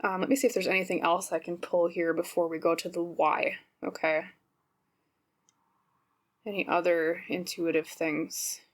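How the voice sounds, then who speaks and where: A woman's voice: fairly low pitch, level tone, normal speed. A woman with a Minnesotan accent giving a casual, rambling pick-a-card tarot reading, often checking in with the viewer. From Minnesota, United States. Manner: chatty, rambling, often checks in with "okay?" and "right?". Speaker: tarot reader, channel host.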